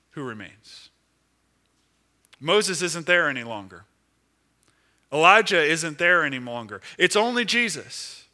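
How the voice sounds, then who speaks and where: Guy preaching a sermon, kinda high bright voice, goes loud then real quiet and slow. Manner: swings from loud emphatic peaks to hushed, slow drawn-out words.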